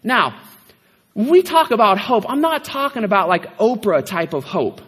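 A man preaching a casual, animated sermon with a fairly high voice. He talks like he's chatting with the congregation and keeps tossing in rhetorical questions. The sound carries a long reverb from a church hall. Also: moderate pace, breathy edge. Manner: conversational, animated, frequent rhetorical "right?".

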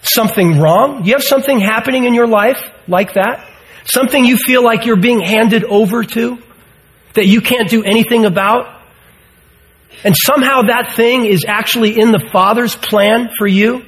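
A man's voice: very high-pitched, normal speed, fairly bright tone, rough recording. A man in his sixties preaching a sermon, earnest and emphatic, full of rhetorical questions. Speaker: pastor.

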